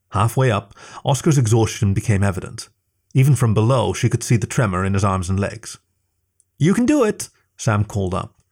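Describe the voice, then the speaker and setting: A man narrating a story, with steady, scripted storytelling. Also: on the low side.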